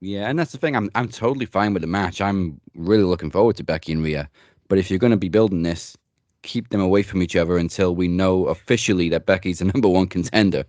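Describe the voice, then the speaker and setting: A man with a very deep voice hosts a casual wrestling podcast, talking with blunt opinions and the odd curse. His voice is recorded dry and close, with no room sound around it. He keeps a loose, chatty podcast delivery. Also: quick pace, a little mellow, dry recording. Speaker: host. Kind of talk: casual wrestling news chat.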